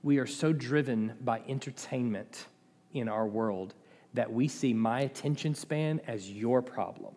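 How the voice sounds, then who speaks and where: A man preaching a sermon as pastor, passionate, rising to loud emphatic peaks and dropping to low, quiet asides. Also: unhurried. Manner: impassioned, swings between loud and quiet. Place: church sanctuary. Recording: long hall reverb.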